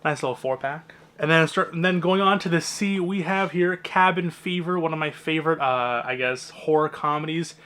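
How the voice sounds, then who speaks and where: A man's voice: a little high, moderate pace, few pauses, a bit bright, a little hiss or hum. A young man, casually walking through his movie collection with chatty, rambling, opinionated asides.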